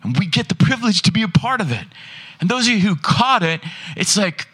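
A man preaching in a church, his voice sitting high and bright. He is animated and keeps firing rhetorical questions at the congregation. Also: fairly quick, hardly any pauses, slightly rough. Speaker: pastor. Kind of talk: sermon.

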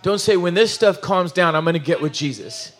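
A man preaching a sermon in an animated, emotional, conversational way, full of asides and restarts. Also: on the high side, a little fast, faint music behind. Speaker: pastor.

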